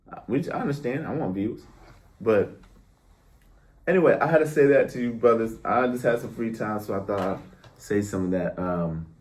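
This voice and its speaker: A man's voice: lowish voice, darkish tone. Blunt, exasperated man ranting casually. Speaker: vlogger. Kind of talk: casual rant to camera.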